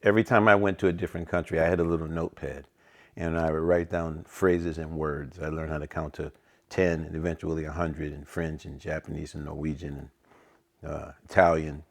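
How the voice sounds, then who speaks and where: A middle-aged man, a jazz saxophonist, telling anecdotes in a relaxed interview and acting out the lines of people he quotes. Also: extremely low pitch, brisk. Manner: acts out other people's lines in quoted voices.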